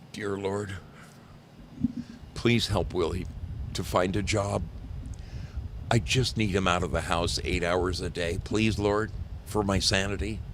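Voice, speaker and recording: A New Jersey man in his sixties hosts a livestream, chatting casually with his live chat viewers, teasing them and rambling through stories. His voice is low with a fairly bright tone, and there's slight background noise.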